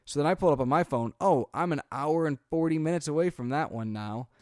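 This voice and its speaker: This male podcast co-host, a father in his thirties, has a voice on the high side and talks fast. He casually unspools a long family story, dramatizing quotes and frequently saying "like" and "um." The studio sound is clean, with no room noise.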